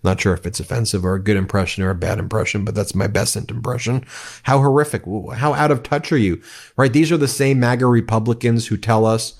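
A man delivering fiery political commentary in a fairly low voice. His tone is scornful and angry, and he rattles off complaints in a ranting rhythm. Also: steady tone, quick pace.

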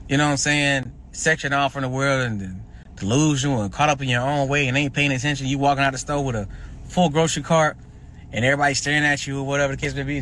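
A man giving casual direct-to-camera commentary, animated and preachy, warning his viewers in slang-heavy talk. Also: mid-range voice, slight background noise. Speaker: social media commentator.

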